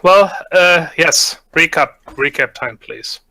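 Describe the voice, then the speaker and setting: Male game master, relaxed and a bit halting, bright tone, dry close mic. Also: a little high, dry recording, poor audio. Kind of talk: running a tabletop game over voice chat.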